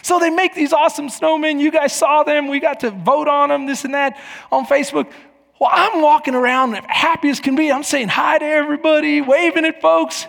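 Preacher, high gravelly voice, lively storytelling, echoey sanctuary. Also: male voice, a little fast. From Texas. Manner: animated, acts out quoted voices. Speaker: pastor. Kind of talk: sermon with storytelling. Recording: echoey hall.

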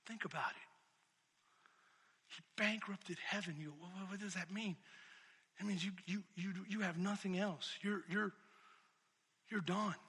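A male pastor preaching a sermon, moving between shouted, emphatic passages and hushed, intimate reflection. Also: high voice, measured pace, long pauses, breathy edge, long reverb tail.

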